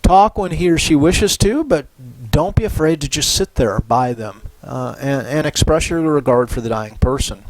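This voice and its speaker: A man's voice: on the high side, expressive, moderate pace, hardly any pauses, no echo, rough recording. Casual middle-aged male lecturer, dry sound. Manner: casual, conversational, often adds "right?" and "you know". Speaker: university psychology lecturer. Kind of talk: recorded lecture.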